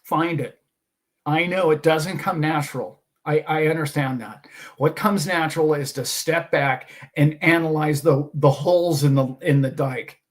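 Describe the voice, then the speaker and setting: A man's voice: a little high, fairly even intonation, a little slow. Emphatic man preaching optimism. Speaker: host. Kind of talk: casual monologue.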